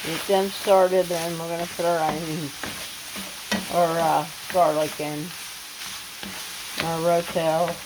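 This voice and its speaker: Hiccups interrupt a woman's casual, homespun kitchen chat as she explains a home cooking recipe, often restarting herself. She speaks slowly on the low side with little pitch movement and frequent pauses, against a noisy background with loud frying sizzle.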